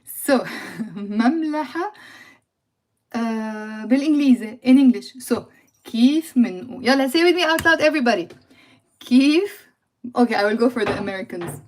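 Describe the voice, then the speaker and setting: A woman's voice: on the high side, expressive, a little fast, long pauses. A woman with a Lebanese accent teaching Arabic words on a live stream, playful, laughing and chatting with viewers. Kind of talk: live-streamed language lesson. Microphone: phone or computer mic on a livestream.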